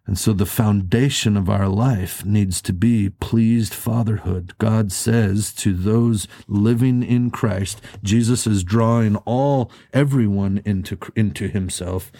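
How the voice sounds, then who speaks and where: Man, sermon, earnest, rhetorical questions, dry close sound, warm low voice. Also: slow, few pauses, no echo. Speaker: pastor.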